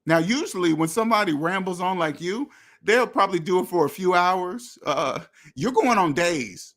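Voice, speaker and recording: A man with a slightly higher-than-usual voice lecturing his viewers bluntly about money. He repeats himself, restarts his sentences and talks straight at the listener. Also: expressive, moderate pace, a bit bright. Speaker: finance channel host. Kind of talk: direct-to-camera rant.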